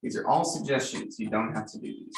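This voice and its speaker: A man in his thirties leading a gentle yoga class, giving calm cues for breath and movement with light joking asides. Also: lowish voice, brisk. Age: 30s. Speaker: yoga instructor. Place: church room. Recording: roomy, from far off the mic.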